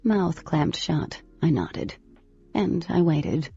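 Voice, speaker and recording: A woman narrating a first-person novel in an expressive, animated way. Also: lowish voice, a little slow, gravelly, slightly rough. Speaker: audiobook narrator. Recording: slightly lo-fi with faint music.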